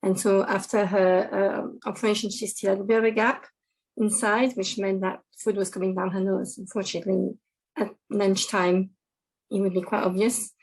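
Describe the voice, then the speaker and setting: A woman's voice: medium pitch, little pitch movement, moderate pace, darkish tone, low-quality recording. A woman on a panel speaking as a parent, in a matter-of-fact, plain-spoken way. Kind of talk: live panel discussion.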